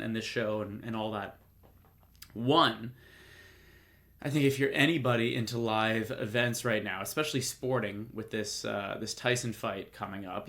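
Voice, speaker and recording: A man's voice: mid-range voice, a bit bright. Rambling, jokey man hosting a podcast. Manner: rambling, jokey, many fillers and restarts. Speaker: podcast host. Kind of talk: casual solo commentary.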